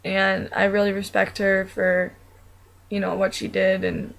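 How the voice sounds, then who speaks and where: A woman's voice: mid-range voice, monotone, unhurried, vocal fry, a bit bright, rough recording. A young adult woman talking casually about her own life, rambling and chatty with many fillers and restarts. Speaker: vlogger. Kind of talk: casual personal monologue.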